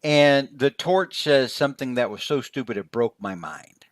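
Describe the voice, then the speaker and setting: A man co-hosting a comic book podcast, chatting casually and mocking characters with exasperated, lively delivery. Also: medium pitch, moderate pace, no echo. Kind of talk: casual chat.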